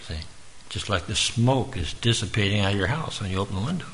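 Man preaching real folksy, low-ish voice, faint room hum behind. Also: animated, fast talker, fairly bright tone, rough recording. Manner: folksy, earnest, addresses listeners by name. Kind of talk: informal sermon.

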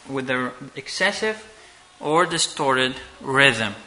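A man teaching a class on church music from slides, talking haltingly and checking in with "okay?" often. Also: mid-range voice, expressive, sharp tone, low-quality recording. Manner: halting, restarts and fillers, asks "okay?" often. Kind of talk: slide-based lecture.

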